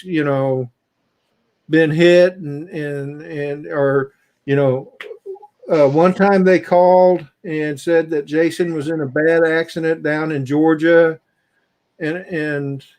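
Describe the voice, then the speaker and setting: A man's voice: fairly high pitch, darkish tone. Chatty middle-aged man on a livestream. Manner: chatty, laughing, greets viewers by name. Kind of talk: casual livestream chat.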